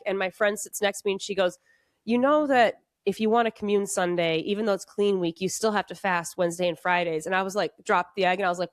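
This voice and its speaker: A woman's voice: medium pitch, dry recording, clean studio sound. A woman hosting a podcast, chatting in a rambling way with lots of fillers and restarts. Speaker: podcast host. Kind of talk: casual chat.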